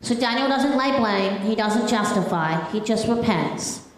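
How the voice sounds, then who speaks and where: A woman's voice: fairly high pitch, lively intonation, a little slow. A young woman giving an earnest, personal sermon, mixing scripture with her own story. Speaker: preacher. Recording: very echoey room.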